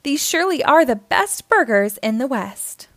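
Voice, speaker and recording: A woman's voice: high voice, sing-song, normal speed, no echo. A woman voicing a cheerful young cowgirl hero in a storybook read-aloud.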